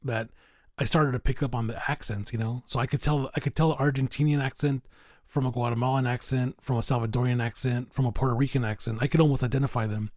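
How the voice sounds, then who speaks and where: A man's voice: medium pitch, steady tone, fast talker, darkish tone, no room sound. Rambling man, "you know" every phrase. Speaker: podcast guest. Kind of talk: casual conversation.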